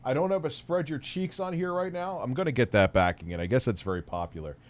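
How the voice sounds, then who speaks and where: A man's voice: medium pitch, quick pace. A man hosting a casual livestream, rambling and wry, swearing now and then. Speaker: livestream host reacting to an old news clip.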